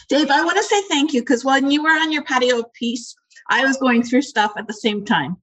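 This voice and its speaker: A woman from the audience giving a heartfelt, halting testimony over a video call, emotional and close to tears. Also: high-pitched, a bit bright, low-quality recording. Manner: heartfelt, halting, many fillers.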